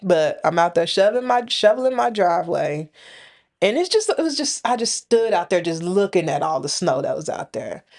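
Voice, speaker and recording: A woman's voice: on the low side, big pitch swings, moderate pace, darkish tone. A woman from the Indianapolis area co-hosting a podcast, talking frankly and colloquially in casual chat. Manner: frank, colloquial, laughs while telling stories. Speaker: podcast co-host.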